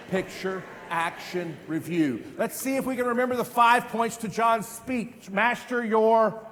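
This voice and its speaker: A man in his fifties giving an energetic live stage demonstration as a memory trainer, quizzing the audience with repeated questions. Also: high-pitched. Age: 50s. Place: large event hall. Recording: long hall reverb.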